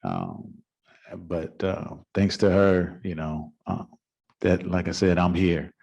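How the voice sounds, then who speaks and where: A man's voice: low-pitched, steady tone, slow pace, gravelly, a little mellow, muffled recording. A middle-aged man, a city council member, telling a folksy, informal story at a council meeting. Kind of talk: anecdotal storytelling at a public meeting.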